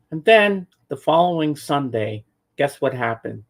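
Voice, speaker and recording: A man's voice: on the high side, big pitch swings, measured pace, vocal fry. A man telling a long personal story in casual podcast chat, rambling with restarts and acting out what people said. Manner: rambling, acts out voices in quotes; frequent restarts and repeated words. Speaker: show regular.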